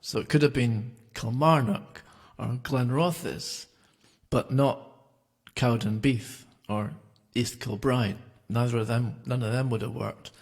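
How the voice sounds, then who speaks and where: Rambling singer chatting between songs. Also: male voice, medium pitch, takes it slowly, breathy edge. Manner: relaxed, rambling, with many fillers. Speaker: singer-songwriter. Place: home, streaming live.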